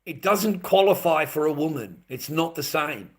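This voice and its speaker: A man rants on a livestream in a blunt, profane way, hammering the same points and calling his viewers mate. His voice sits a little higher than most men's. He talks straight at his audience like a host holding the floor. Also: animated, moderate pace. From Australia. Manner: repetitive, addresses viewers as mate. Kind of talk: livestream rant.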